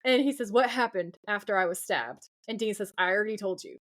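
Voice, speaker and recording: A woman's voice: medium pitch, brisk, a bit bright. A young adult woman co-hosting a podcast, effusively retelling TV scenes by quoting the dialogue. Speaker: podcast co-host. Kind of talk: casual recap chat.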